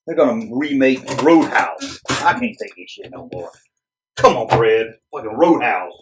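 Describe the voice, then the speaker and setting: A man in the middle of a casual, exasperated rant, his voice sitting at an ordinary pitch. He sounds sarcastic and fed up, and he swears freely as he reacts to each item. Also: expressive, unhurried, background noise. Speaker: channel host. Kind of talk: casual ranting commentary.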